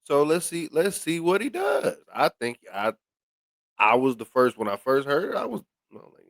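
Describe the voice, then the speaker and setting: In a clean studio recording with no echo, a male podcast host offers casual commentary at a normal speed. He keeps restarting and repeating words, stammering a bit, while his pitch swings in a lively way.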